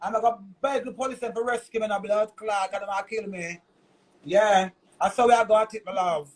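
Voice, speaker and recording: A man's voice: high voice, fairly even intonation, brisk, low-quality recording. A man with a Jamaican accent delivering a heated, cursing, repetitive rant in a vlog. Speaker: vlogger.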